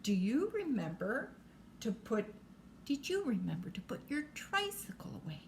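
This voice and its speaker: A woman voicing a gentle storybook mother who asks her questions in a soft, hushed way. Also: fairly high pitch, very animated, normal speed, a little hiss or hum. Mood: questioning.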